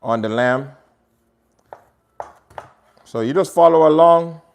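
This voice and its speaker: A man with a Jamaican accent hosts a relaxed cooking demo from his home kitchen. He chats directly to his viewers as he works, in an easygoing, talkative manner. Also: on the high side, takes it slowly, creaky. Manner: chatty, talks straight to viewers. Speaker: cooking show host. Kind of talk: casual cooking demonstration.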